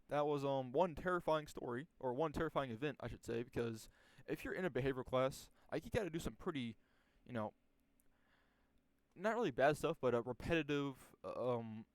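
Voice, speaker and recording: A man's voice: mid-range voice, normal speed, no echo. Rambling young man telling a story. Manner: rambling, profane, many restarts and fillers. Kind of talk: casual storytelling.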